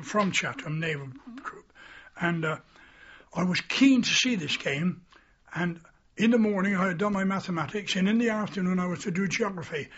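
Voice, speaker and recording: Older man with a husky voice, reminiscing. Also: high voice, fairly bright tone. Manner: rambling storyteller, acts out quoted voices, chuckles. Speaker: interviewee recalling his army boyhood. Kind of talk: oral history reminiscence. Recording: dull lo-fi recording.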